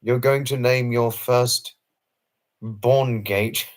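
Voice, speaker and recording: A man hosting a late-night live stream talks very slowly in a steady, medium-pitched voice as he replies to chat messages. His tone is effusive, formal and earnest, marked by frequent repetition and apologies.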